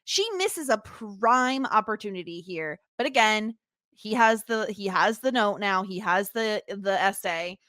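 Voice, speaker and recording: A woman's voice: medium pitch, a little slow, bright, forceful tone, dry recording, clean studio sound. A woman co-hosting a podcast, casually recapping a TV episode and retelling scenes in an exasperated way. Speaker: podcast co-host.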